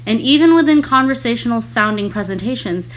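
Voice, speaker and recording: A teenage girl, a student guest, explaining public speaking mistakes in a measured way. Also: a little high, expressive, low-quality recording. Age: teens.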